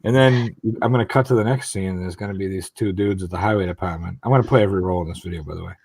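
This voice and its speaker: A man's voice: low-pitched, very fast, darkish tone, husky, dry recording. A man on a video call chatting casually, rambling through a story with lots of fillers. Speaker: guest. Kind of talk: casual chat.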